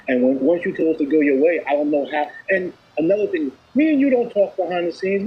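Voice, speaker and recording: Blunt man on tinny, husky audio. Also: fairly high pitch, fast talker, few pauses. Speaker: speaker in the played video.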